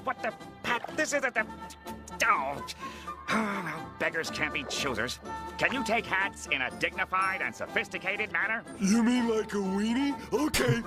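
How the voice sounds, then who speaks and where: A clip from a cartoon where male characters talk in high, squeaky voices over music. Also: animated, a little slow. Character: cartoon sea creatures in a stuffy restaurant scene.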